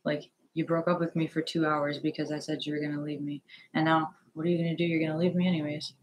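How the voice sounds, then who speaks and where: Speaking from home into an earphone headset, a young vlogger has a voice on the high side with a level tone. His nervous, hesitant talk rambles, full of fillers and false starts. The low-quality recording carries a little hiss or hum.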